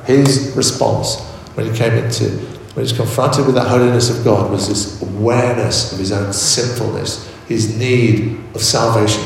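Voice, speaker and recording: A man preaching a sermon in a measured way, often repeating words as he searches for the next phrase. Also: on the low side, vocal fry, a little mellow, a little hiss or hum. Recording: echoey hall, voice from far off.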